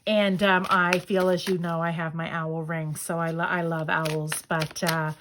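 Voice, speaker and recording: A woman's voice: on the low side, level tone, unhurried, noisy background. A woman giving a casual pick-a-card tarot reading, chatty and enthusiastic as she talks straight to her viewers. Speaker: tarot reader.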